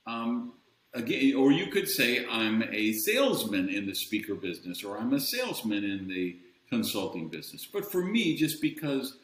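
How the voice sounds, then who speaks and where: A man's voice: medium pitch, sing-song, normal speed, fairly bright tone. A man speaking as an interview guest, candid and self-deprecating, mocking other voices now and then. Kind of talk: casual interview chat. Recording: roomy echo.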